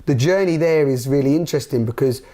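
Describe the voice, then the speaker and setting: A man's voice: medium pitch, quick pace, mellow. A man hosting a casual spiritual conversation, speaking earnestly and rambling with frequent restarts. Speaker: talk show host.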